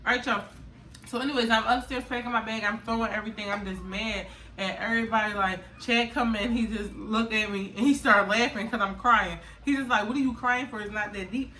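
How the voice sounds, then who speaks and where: Young woman vlogger, bright and lively, roomy echo, a little off mic. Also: on the high side, a little fast. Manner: animated, laughs often, loud acted outbursts. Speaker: vlogger telling her birth story. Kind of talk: casual storytime chat. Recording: echoey room, mic a bit far.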